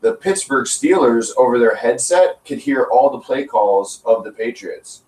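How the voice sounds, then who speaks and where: A man's voice: mid-range voice, animated, darkish tone. Male co-host for net radio, joking banter, echoey room, set back from the mic. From New England. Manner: joking, lots of fillers and quick put-on voices. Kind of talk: casual banter on internet radio. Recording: roomy and distant from mic.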